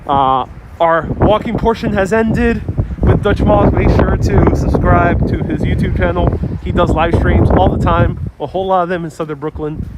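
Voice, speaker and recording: Sex: man. Role: live-stream host. Pitch: fairly high. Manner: upbeat, reads viewer questions. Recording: outdoors, wireless clip-on mic, loud traffic behind. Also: normal speed, lo-fi sound. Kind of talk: casual live-stream chat. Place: outdoors on a seaside boardwalk. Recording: city traffic noise outdoors.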